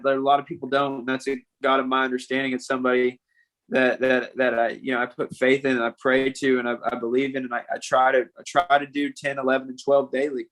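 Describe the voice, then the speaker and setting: A young man speaking as a podcast guest in a candid conversation. He talks earnestly, halting and repeating himself, and keeps dropping "man" into his sentences. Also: mid-range voice, fairly bright tone, rough recording. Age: young adult.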